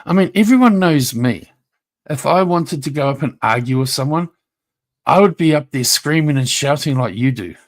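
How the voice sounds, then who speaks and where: A man's voice: on the high side, lively intonation, normal speed. A man ranting on his livestream, taunting a rival directly, swearing and repeating himself. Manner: confrontational, taunting, profane. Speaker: YouTube livestreamer. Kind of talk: livestream rant.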